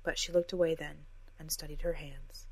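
A woman's voice: low-pitched, steady tone, normal speed, darkish tone, breathy edge, dry recording. A woman reading a fantasy story aloud as scripted narration, raising her voice for the characters' lines. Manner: reads every character herself, lifting her voice for dialogue.

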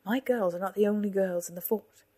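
A woman voicing a domineering, arrogant male fort leader who blusters and shouts scornfully, in a storybook reading. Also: medium pitch, fairly quick, lightly acted. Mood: boastful.

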